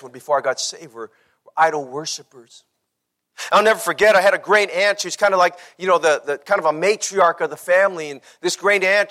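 A man preaching a sermon as pastor, swinging from hushed lines to loud cries and acting out the people in his story. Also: fairly high pitch. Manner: preaching with dramatic shifts between hushed and shouting; acts out quotes in character voices.

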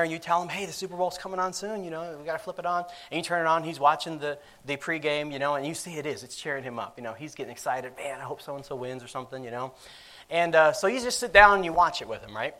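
A man's voice: fairly high pitch, a bit bright. A man preaching a sermon in a conversational style, acting out quoted voices with lots of fillers.

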